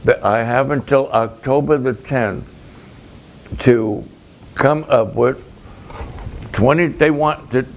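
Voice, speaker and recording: A man, a pastor, telling a story slowly and dramatically, acting out both sides of the conversations. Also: mid-range voice. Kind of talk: storytelling sermon to camera.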